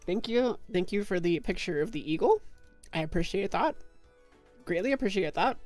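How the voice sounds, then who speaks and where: A woman's voice: mid-range voice, lively intonation, moderate pace, a little mellow, soft background music. A young woman streaming, chatting casually and giggling as she reads chat aloud.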